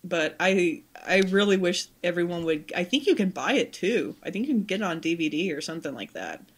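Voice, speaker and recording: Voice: medium pitch, animated, fairly quick, husky. A podcast host who chats casually and enthusiastically, enunciating every word. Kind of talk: casual chat.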